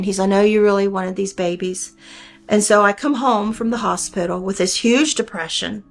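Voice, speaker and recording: An older woman tells her story in an earnest, plainspoken way, with homespun grammar and a middle-pitched voice. Faint music plays softly underneath. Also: gravelly. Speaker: storyteller recounting a near-death experience. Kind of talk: personal storytelling.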